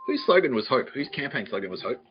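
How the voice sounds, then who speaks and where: A man's voice: mid-range voice, big pitch swings, fast, highs cut off, over music. A man hosting a podcast, telling a profane comic story in a ranting voice and laughing at his own jokes. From Australia. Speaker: podcast host.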